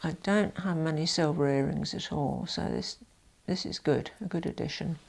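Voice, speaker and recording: Woman vlogging, low gravelly voice, chatty and self-deprecating, lots of asides. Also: moderate pace, darkish tone. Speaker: fashion vlogger. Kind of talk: casual chat to camera.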